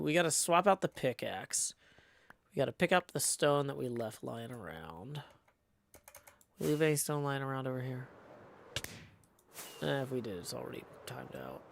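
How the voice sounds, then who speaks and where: Guy with a gravelly voice streaming a game, humming and muttering to himself, dry little jokes. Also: medium pitch, expressive, moderate pace. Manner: hums and mutters to himself, dry joking asides. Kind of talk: casual livestream chat while playing.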